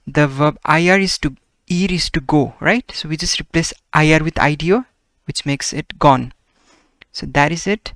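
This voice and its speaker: A man's voice: fairly high pitch, a bit bright, dry recording. A man explaining grammar in a Spanish lesson, patiently going through each rule and asking "okay?" and "right?" as he goes. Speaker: Spanish teacher.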